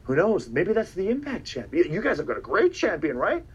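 A man's voice: high voice, huge pitch swings, brisk, husky, lo-fi sound. A man, a pro wrestler, giving a boastful, taunting promo interview in a clip from a TV broadcast, often stammering and repeating his words.

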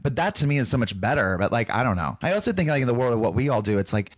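A man from North Carolina with a Southern accent, chatting casually as a podcast guest and slipping into quick mock voices. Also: medium pitch, animated, no echo.

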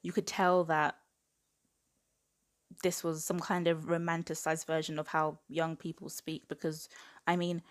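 A woman's voice: deep voice, level tone, a little slow, pauses often. A woman in her twenties giving a casual book review, chatty and exasperated, with lots of "like". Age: 20s. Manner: exasperated, chatty rant full of "like".

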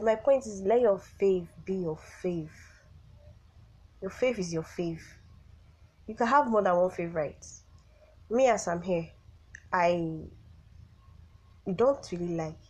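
Young woman, podcast host, sick, husky and lowish voice, rambling casual chat. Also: a little mellow, poor audio. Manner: chatty, rambling, exasperated asides. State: sick, voice affected.

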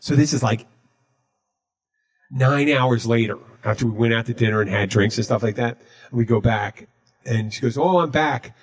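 A man hosting a podcast, telling a story in a casual, deadpan way. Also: medium pitch, moderate pace, pauses often. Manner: deadpan, recounting jokes he told. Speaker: podcast host.

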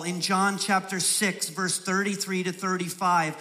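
A man preaching a sermon as pastor, repeating phrases for emphasis and building from soft, slow stresses to raised, urgent delivery. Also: high voice, little pitch movement.

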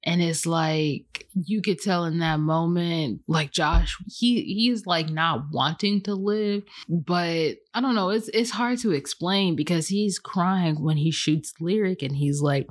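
A woman with a slightly low voice talks through a film in an easygoing podcast chat. She rambles with plenty of fillers and now and then leaps into high, exclaimed outbursts as she acts out scenes. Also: measured pace. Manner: animated retelling with jumps into high-pitched acted outbursts; chatty, full of fillers. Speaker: podcast host reviewing a film. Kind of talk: casual chat.

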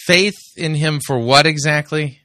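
A man's voice: on the high side, measured pace, noisy background. A man giving sarcastic commentary on a sermon, dry and mocking.

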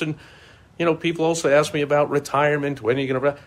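Middle-aged man, solo podcast host, mid-pitched voice, animated storyteller who acts out quoted voices. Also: fast talker. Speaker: marketing consultant.

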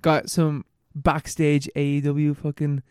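A young man, pitched a touch higher than most men. He tells stories with lots of laughs and swearing, recorded dry and close on a podcast mic. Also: completely flat delivery, slow, a little mellow, smooth, no room sound. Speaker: podcast co-host. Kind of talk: casual chat.

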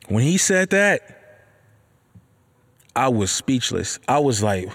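A young man, casually telling a personal story, profane and animated, with lots of "you know what I'm saying". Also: mid-range voice, slow pace, pauses often, husky.

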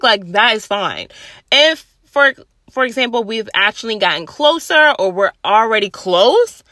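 Loud, outspoken young woman, casual solo podcast chat, bright tone. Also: mid-range voice, sing-song, normal speed, no echo. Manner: blunt and chatty, swears freely. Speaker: podcast host. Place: at her workplace.

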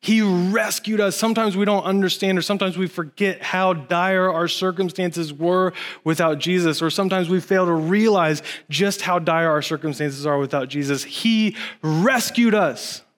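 A man in his thirties preaching a sermon in a church, moving from low earnest passages to excited, high-pitched bursts. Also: normal speed, few pauses. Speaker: pastor.

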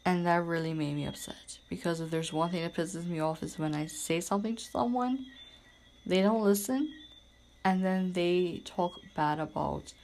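Woman, podcast host, talks in a loose, emphatic monologue full of "like" and "literally", slightly low voice. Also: moderate pace, vocal fry, a little mellow, slight background noise. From Bermuda. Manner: rambling and emphatic, heavy use of "like" and "literally". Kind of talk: casual monologue.

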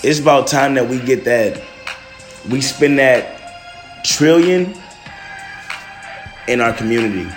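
A man's voice: mid-range voice, takes it slowly, pauses often, faint music behind. Slangy young New man hosting. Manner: loose and emotional, slangy, peppered with "man" and "bro". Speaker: podcast host. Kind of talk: casual monologue.

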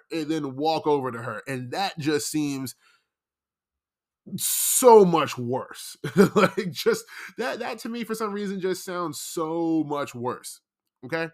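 A young man with a fairly high voice talks straight to camera in a casual commentary video. He rambles and circles back on himself, defending his point with emphatic repetition. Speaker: commentary vlogger.

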